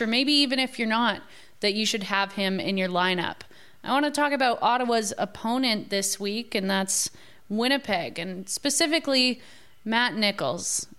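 A woman with a smooth, clear voice runs a fantasy sports panel. She keeps the talk moving with upbeat questions, her pitch a touch high. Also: fairly bright tone. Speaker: fantasy football panel host. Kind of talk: casual sports panel chat.

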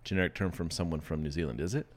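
A man's voice: sits low, racing. A man co-hosting a podcast, playful and joking in casual chat. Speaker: podcast co-host.

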